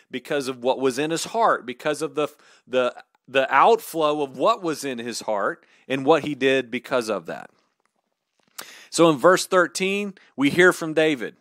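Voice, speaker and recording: Animated man teaching Scripture, dry close mic. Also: on the high side, dry recording. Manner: conversational, animated retelling with asides and chuckles. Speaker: podcast host and Bible teacher. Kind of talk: casual sermon-style podcast teaching.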